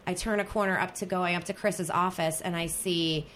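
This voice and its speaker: A woman's voice: lowish voice, moderate pace. Lady co-host rambling through a story, fillers everywhere, slight hiss behind her. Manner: animated, rambling, full of fillers and restarts. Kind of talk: casual storytelling chat.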